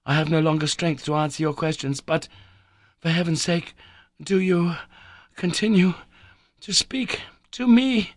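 A man's voice: a little high, fairly even intonation, a little slow, long pauses, dry recording, clean studio sound, voice pushed up. A man voicing a young man lost underground who talks urgently and pleadingly. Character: young man lost in a cave, weak and anxious.

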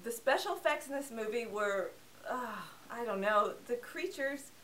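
A woman's voice: on the high side, lively intonation, normal speed, distant mic, over loud music, poor audio. A woman hosting a casual film review show, talking in a playful, sarcastic, joking manner. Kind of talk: casual scripted movie review.

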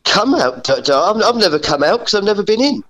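A male caller on a telephone line, talking casually with a radio host. He halts and stammers, restarting his phrases. His voice sits fairly high. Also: very animated, fairly bright tone. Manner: halting, stammering. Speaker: phone-in caller. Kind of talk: casual chat.

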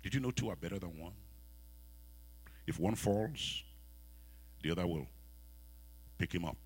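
A man with a West African accent preaching a sermon in a church, asking the congregation questions and swinging from soft, quiet lines to loud ones. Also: sits low, unhurried, breathy edge. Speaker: pastor.

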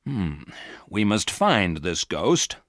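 A man voicing a practical middle-aged father who speaks low and measured. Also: big pitch swings, fairly bright tone, dry recording, studio quality, heavily acted. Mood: musing.

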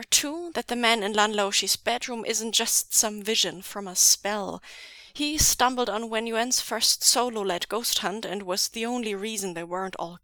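A woman reading fan fiction aloud as an audiobook, with a measured storytelling delivery. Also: on the high side, sharp tone, dry recording, clean studio sound. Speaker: podfic reader.

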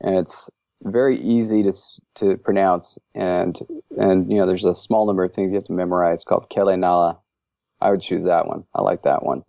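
A man's voice: low voice, fairly even intonation, a little fast, creaky, dark tone, no echo, highs cut off. A man guesting on a podcast interview, talking enthusiastically and rambling with lots of fillers. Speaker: interview guest, language creator. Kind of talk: casual interview chat.

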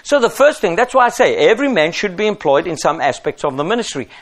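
Middle-aged pastor guy preaching, high voice, keeps asking the crowd do you understand. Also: very animated, fast talker. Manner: emphatic, preaching with rhetorical questions. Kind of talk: sermon.

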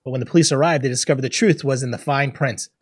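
Husky man in casual podcast banter. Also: mid-range voice, fast. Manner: laughs often, swears, acts out quoted people. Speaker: podcast co-host. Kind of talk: casual chat.

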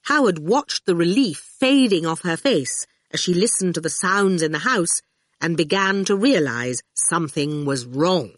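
A woman narrating a children's novel in an expressive, unhurried reading. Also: fairly low pitch, no echo, studio quality. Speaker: audiobook reader. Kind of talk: storybook narration.

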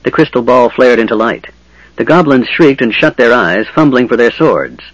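Brief: male audiobook narrator, even mid-range voice, measured storytelling, dry, muffled sound. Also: medium pitch, no room sound.

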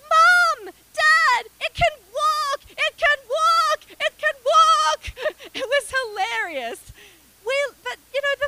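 A woman delivers a sermon in a very high, bright, forceful voice. She is earnest and emphatic, hammering home key phrases through repetition and breaking into frequent chuckles. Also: low-quality recording. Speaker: preacher.

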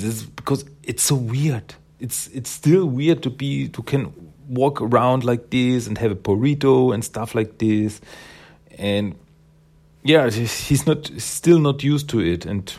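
A man reviewing a comic book in a relaxed, rambling way, with many fillers. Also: mid-range voice. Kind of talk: casual comic recap.

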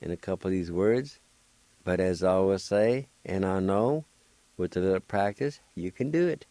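A man giving a patient radio pronunciation lesson, spelling words and repeating each syllable slowly. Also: sits low, expressive, dark tone, no room sound. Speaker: radio language teacher. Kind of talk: slow word-by-word pronunciation lesson.

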